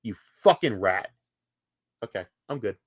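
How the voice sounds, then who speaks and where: A man's voice: fairly low pitch, expressive, measured pace, husky. A man ranting angrily on a live stream, swearing hard and repeating himself when worked up. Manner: heated, profane, repeats words when worked up. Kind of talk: angry live-stream rant.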